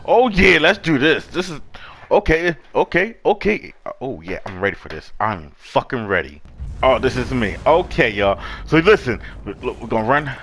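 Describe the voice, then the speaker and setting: A young man hosting a casual let's-play, reacting with excitable, profane outbursts over game audio. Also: mid-range voice, normal speed, a little hiss or hum. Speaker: gaming channel host. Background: game audio and music.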